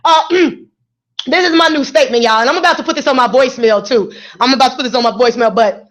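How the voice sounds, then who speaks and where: High-pitched american lady on the radio, goofy and preachy, all motivational energy. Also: quick pace. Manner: energetic, playful, preachy and encouraging. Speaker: radio show host.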